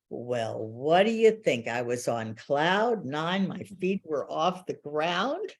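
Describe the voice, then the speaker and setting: An older woman, a veteran journalist, telling a story in an interview, animated and acting out dialogue, laughing often. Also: low voice, a little slow.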